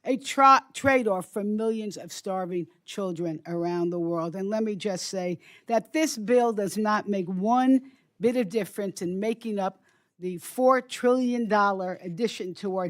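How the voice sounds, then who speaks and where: An older woman giving prepared opening remarks at a hearing, emphatic and forceful, with some stumbles and restarts. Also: medium pitch. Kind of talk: prepared floor speech. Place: hearing room.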